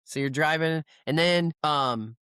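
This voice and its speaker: A man's voice: fairly high pitch, unhurried, sharp tone, clear, resonant tone, no echo, clean studio sound. A man co-hosting a podcast, telling long rambling stories in casual chat, full of fillers and restarts. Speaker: podcast co-host.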